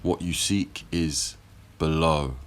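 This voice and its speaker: A man voicing a timid young runaway guide who speaks shyly and slowly. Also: very deep voice. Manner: shy, slow, muttering.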